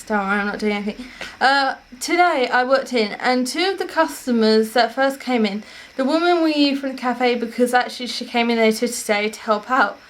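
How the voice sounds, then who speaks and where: A woman's voice: on the high side, slight background noise. Chatty young woman telling stories. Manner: chatty, rambling, with frequent self-corrections. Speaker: vlogger. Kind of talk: casual storytelling to camera.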